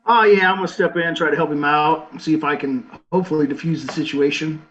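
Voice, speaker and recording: A man player in a tabletop game with a somewhat high voice. He talks casually and tentatively and thinks aloud. The recording sounds dull and lo-fi. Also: fairly even intonation, a little fast, a crowd in the background.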